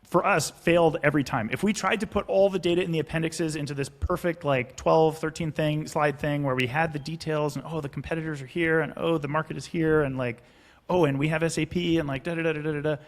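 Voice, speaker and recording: A man's voice: on the high side, fairly even intonation, fast talker. A man, a startup founder, talking casually as a podcast guest, acting out investor and founder lines and swearing freely. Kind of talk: casual explanatory interview talk.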